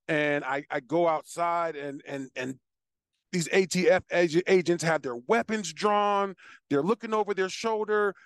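A man casually telling a long personal story as host, with animated asides and frequent restarts. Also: on the high side, normal speed, dry recording, studio quality. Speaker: podcast host.

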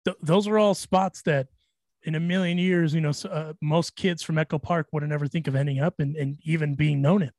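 A man's voice: fairly high pitch, steady tone, brisk, darkish tone, no echo. Guy cohosting a podcast, jokey, stumbles over his words, dry close sound. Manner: joking, hesitant restarts. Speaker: podcast co-host. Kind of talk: casual interview.

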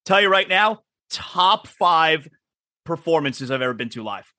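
A man hosting a radio talk show, telling stories in an animated way and acting out what people said. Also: fairly high pitch, unhurried, no echo, studio quality. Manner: animated storytelling, acts out quotes. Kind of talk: casual talk show banter.

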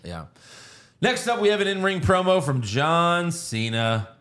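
A man co-hosting a casual podcast, recapping wrestling shows in an animated, joking way. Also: fairly high pitch, a little slow. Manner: animated storytelling, laughs often. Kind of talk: casual chat.

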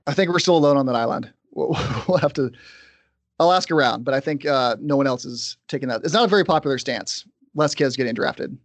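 A man's voice: mid-range voice, expressive, dry recording. A man hosting a sports podcast, chatting casually and interviewing a guest. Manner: conversational, quick asides. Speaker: podcast host.

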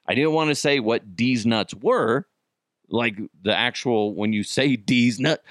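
A man's voice: mid-range voice, a little slow, a bit bright, no echo, clean studio sound. A middle-aged man hosting a podcast, telling casual stories with swearing and laughter and acting out the voices of the people in them. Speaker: podcast host. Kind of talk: casual storytelling monologue.

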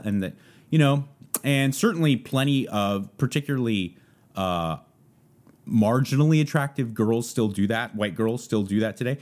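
Speaking a little slowly in a lowish, slightly mellow voice, this Southern California podcast host wanders through a casual solo monologue. He's loose and rambling, leaning heavily on fillers.

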